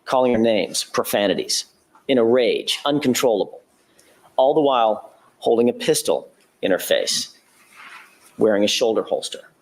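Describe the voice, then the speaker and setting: Measured male prosecutor, courtroom address. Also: medium pitch, very animated. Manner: measured, methodical retelling with occasional self-corrections. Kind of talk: courtroom opening statement.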